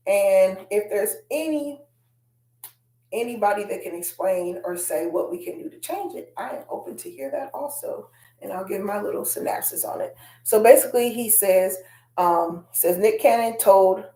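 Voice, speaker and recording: A woman's voice: medium pitch, dark tone, reverberant. A woman hosting a casual commentary vlog, chatting straight to her viewers and reading quotes aloud. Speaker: host.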